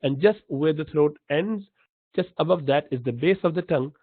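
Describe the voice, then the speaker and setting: A man teaching pronunciation in a slow, patient lesson, repeating each sound to demonstrate it. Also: on the high side, slightly rough, dry recording. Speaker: Quran recitation teacher. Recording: dry, tinny phone-like line.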